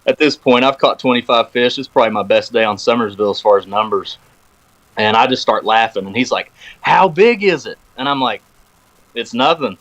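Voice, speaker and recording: A man's voice: lowish voice, a little fast, low-quality recording. A man chatting casually on a podcast, telling a long story and acting out the phone calls he quotes. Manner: animated storyteller, acts out quoted phone talk. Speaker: podcast guest. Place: podcast recording room.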